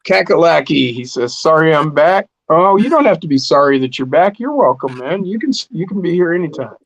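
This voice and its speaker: A man's voice: a little high, expressive, a little fast, gravelly, husky, highs cut off. A man hosting a casual live stream chat with friends, joking and laughing often.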